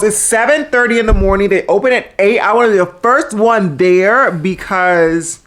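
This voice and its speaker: A transgender woman vlogging casually at home into a small microphone, chatty and animated, with a habit of talking loudly. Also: mid-range voice, normal speed, few pauses. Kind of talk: casual vlog chat. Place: indoors at home. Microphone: small microphone on a handheld tripod.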